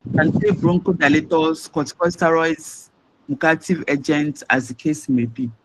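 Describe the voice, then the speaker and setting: A man lecturing on respiratory pharmacology, in a halting way with restarts and key words stressed. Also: on the high side, a little hiss or hum, poor audio.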